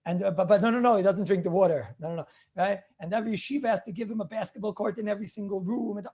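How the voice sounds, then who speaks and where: A rabbi with a high voice speaks very fast in an informal lecture on Jewish law. He tells anecdotes with animation, repeats phrases often, and keeps clearing his throat.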